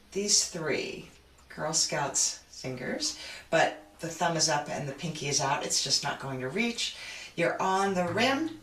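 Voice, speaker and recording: A woman leads a frame drum lesson over a video call, unhurried and chatty, often talking her thoughts through aloud. Her slightly low voice comes from some distance off the mic in an echoing room. Loud drumming sounds behind her. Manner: patient, chatty, thinks aloud.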